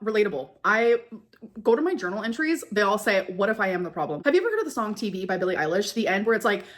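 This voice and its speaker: A woman streamer talks casually, rambling from thought to thought with plenty of fillers. Her voice sits at a middle pitch. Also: big pitch swings, fast talker. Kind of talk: casual chat.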